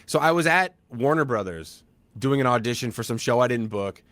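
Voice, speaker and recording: A man in his thirties co-hosting a podcast, telling a story casually and acting out quoted lines loudly. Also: medium pitch, brisk, dry recording. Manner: animated, acts out quoted lines in a loud raised voice. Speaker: podcast co-host.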